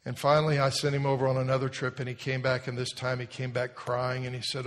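A man preaching a sermon, telling a folksy story and building to loud exhortation. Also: mid-range voice, little pitch movement, quick pace, hardly any pauses. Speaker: pastor. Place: large church hall. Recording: long hall reverb.

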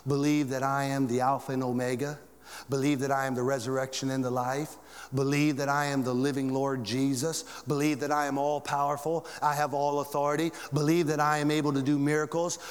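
A preacher in a reverberant hall. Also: male voice, flat delivery, a little fast. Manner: preaching with big swings in pitch and volume. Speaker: pastor. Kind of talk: sermon. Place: church.

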